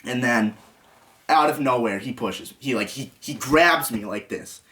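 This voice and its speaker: Young man, vlogger, agitated retelling, rambling, restarts, middle pitch. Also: unhurried, pushed and bright, distant mic. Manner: rambling, restarts often, quotes others. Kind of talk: agitated storytelling to camera.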